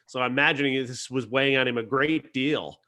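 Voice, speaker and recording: A man's voice: medium pitch, brisk, pushed and bright. A man reviews a film on a podcast in an earnest, conversational way. He often stops and restarts his sentences while he works through his thoughts. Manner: earnest, hesitant with many restarts.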